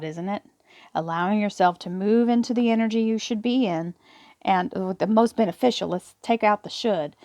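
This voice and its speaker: A woman's voice: medium pitch, a little mellow, dry recording, clean studio sound. A woman reading tarot affirmations and explaining them in an earnest, encouraging way, often repeating words as she talks. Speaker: tarot reader. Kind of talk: spiritual affirmation talk to camera.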